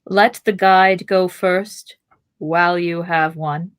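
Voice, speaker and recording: A weathered ranger speaks in a dry, measured way in a storybook reading, voiced by a woman. His warnings come slow and quiet, with a grim edge. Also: fairly low pitch, steady tone, clear, resonant tone, no echo. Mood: wry.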